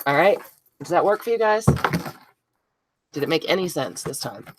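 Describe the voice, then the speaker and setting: A woman with a low voice hosts a live craft stream from home. She chats easily with viewers by name and laughs at her own slips. A faint hiss sits under the recording. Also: very animated, moderate pace. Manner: chatty, self-deprecating, talks to viewers by name. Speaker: craft video host.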